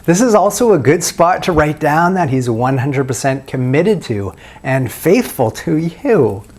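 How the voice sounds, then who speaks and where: A man's voice: on the high side, very animated, measured pace, darkish tone, husky. A man giving self-help dating advice in a video, walking the listener through a long run of guiding questions. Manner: asks the listener question after question in a coaching tone. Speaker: dating coach.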